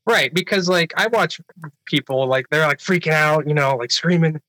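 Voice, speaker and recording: A man's voice: on the high side, normal speed, sharp tone, no echo, rough recording. A man in casual chat, earnest and agreeable, often restarting his sentences. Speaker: paranormal investigator.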